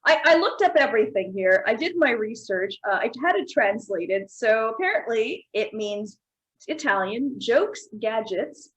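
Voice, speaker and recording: A woman's voice: fairly high pitch, animated, measured pace, dull audio. A woman hosting a casual comedy show, playful and laughing often as she reads out viewer comments. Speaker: host.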